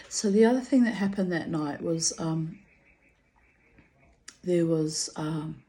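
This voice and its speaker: A woman's voice: low voice, takes it slowly, pauses often, mellow, slight background noise. An older woman, rambling through a personal story in a chatty way, laughing often. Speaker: vlogger.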